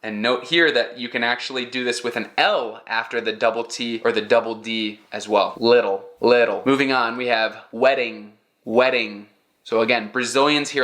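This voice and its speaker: Bright-voiced American man teaching pronunciation. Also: mid-range voice. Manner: upbeat, explains slowly and repeats example words. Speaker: English teacher. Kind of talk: pronunciation lesson to camera.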